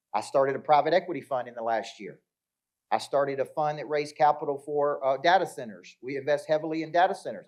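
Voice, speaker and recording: A man's voice: fairly high pitch, darkish tone. A middle-aged man giving a live motivational talk to an audience, telling stories with acted-out dialogue and checking in with the crowd. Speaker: motivational speaker. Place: live event before an audience.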